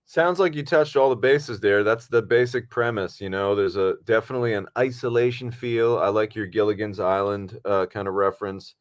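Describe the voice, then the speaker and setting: A man's voice: on the low side, moderate pace, few pauses. A man chatting casually as a podcast co-host, easygoing and rambling with plenty of fillers. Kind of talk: casual film podcast chat.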